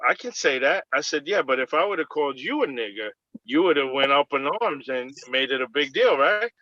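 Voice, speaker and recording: An airline agent with a medium-pitched, expressive, sharp voice speaks briskly over a video call, the audio dry, dull and lo-fi. Casually recounting a clash at work, he performs both sides of the exchange with animation.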